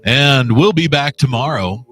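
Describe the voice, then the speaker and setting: A man in his fifties hosts a morning radio show, delivering an opinionated monologue in a preachy, rambling, folksy manner. His mid-range voice is expressive and a little slow, and he speaks over music.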